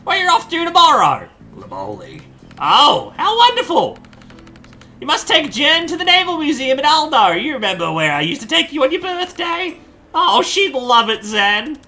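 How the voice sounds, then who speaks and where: A man reading game dialogue aloud, voicing a fussy, chatty old mother with a shrill, warbly voice. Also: wildly swooping pitch, normal speed, sharp tone, exaggerated voice. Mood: doting.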